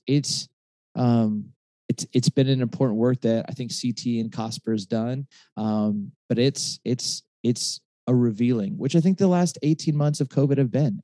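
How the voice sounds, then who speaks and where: A man's voice: mid-range voice, dark tone, dry recording. A man in his forties, a pastor and author, telling a personal story in a conversational interview, with many restarts and fillers. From Michigan.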